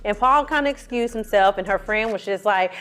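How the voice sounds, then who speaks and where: A woman's voice: medium pitch, brisk, smooth. A woman doing a casual recap of a reality show, sassy and profane, telling it with lots of attitude. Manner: sassy, profane, animated storytelling. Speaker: film and TV reviewer.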